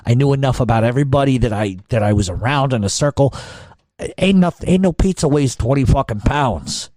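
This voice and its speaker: A man's voice: medium pitch, lively intonation, fairly quick, darkish tone, dry recording, studio quality. A middle-aged man telling a long story in casual talk, cursing often and restarting his sentences. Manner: profane, rambling, many restarts. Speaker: podcast storyteller.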